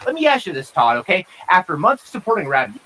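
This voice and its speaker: Man cursing out someone on a stream, high lively voice, fast and sharp. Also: slight background noise, low-quality recording. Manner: insulting, profane, confrontational. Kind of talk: heated live-stream argument.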